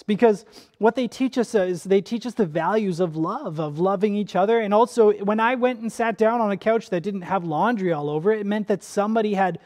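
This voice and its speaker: A young male pastor giving a sermon in a relaxed, conversational, storytelling way, often restarting his sentences. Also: sits high.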